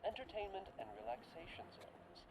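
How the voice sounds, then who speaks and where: A man's voice: high-pitched, very animated, normal speed, a crowd in the background. An actor playing a polished male news anchor in a video game, reading scripted corporate broadcasts. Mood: promotional.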